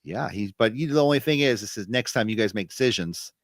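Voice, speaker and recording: A man's voice: fairly low pitch, lively intonation, quick pace, dry recording. A man co-hosting a wrestling podcast, telling stories in a loose, rambling way with lots of fillers and restarts. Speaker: podcast co-host. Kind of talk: casual wrestling recap chat.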